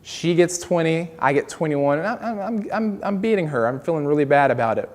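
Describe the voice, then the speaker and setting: A man's voice: a little high, lively intonation, brisk, a little mellow, in a large hall. A man doing stand-up comedy, telling stories in a loose, rambling way full of fillers and asides.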